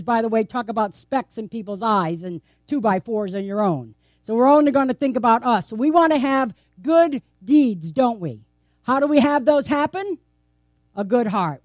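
A woman's voice: fairly high pitch, a little mellow, no room sound, clean studio sound. A woman preaching a sermon in a conversational, playful way, tossing out rhetorical questions and laughing often. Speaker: pastor. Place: church.

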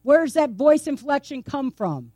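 A woman preaches a sermon in a chatty, playful way, peppering it with rhetorical questions and light laughter. Her voice sits fairly high. The sound is close and dry. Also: lively intonation, normal speed, dark tone, no echo. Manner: conversational, asks many rhetorical questions. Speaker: pastor. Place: church.

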